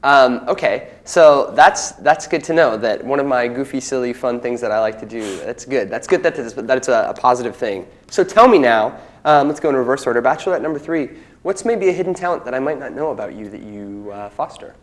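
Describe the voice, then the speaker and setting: A man's voice: mid-range voice, fairly quick, few pauses. Young man, flustered, rambling, stammering, mid-range voice, comedic dating game show. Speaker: bachelor contestant.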